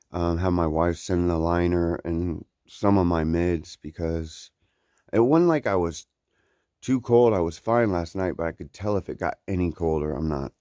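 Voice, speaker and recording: Young man, trail vlogger; low, dry, close voice; rambling, easygoing, laughs a lot. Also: mellow, no room sound. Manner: rambling, laid-back, many fillers and laughs. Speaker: hiker vlogging his trail days. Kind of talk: casual trail vlog chat. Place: outdoors on a mountain trail.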